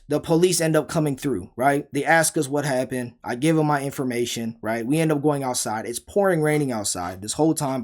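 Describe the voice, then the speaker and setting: A man's voice: medium pitch, darkish tone. A young man telling a story in a casual rant, heated and emphatic, full of rhetorical questions. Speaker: storyteller vlogger.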